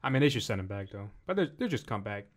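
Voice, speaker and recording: A young man with a slightly low voice holds the mic on a casual podcast. He tells stories the rambling way friends talk, full of slang and cursing, and keeps circling back to his point. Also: sing-song, fast. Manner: rambling, profane storytelling with slang. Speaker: podcast co-host.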